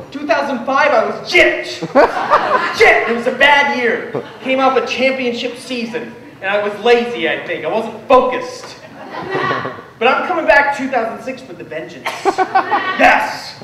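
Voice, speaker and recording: A man in his twenties doing a stand-up comedy set, loud and excitable, often shouting his punchlines. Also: very high voice, far from the mic. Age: 20s. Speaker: stand-up comic. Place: comedy club stage. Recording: echoey room, voice from afar, noisy.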